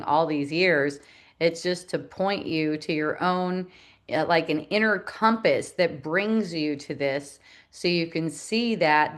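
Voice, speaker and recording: A middle-aged woman with a low-sitting voice teaches in a reflective spiritual talk, laughing often and performing the voices of those she quotes.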